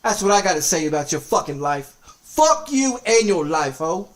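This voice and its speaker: A game streamer's high, very animated voice moves at normal speed through a heated, profane rant. He keeps repeating curses and insults while making threats.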